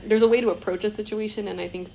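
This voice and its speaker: A woman's voice: medium pitch, fairly even intonation, rapid-fire, gravelly, rough recording. A young woman, chatting casually as a podcast guest with lots of fillers and easy laughs. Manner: soft-spoken, frequent "like" fillers, laughs often. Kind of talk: casual chat.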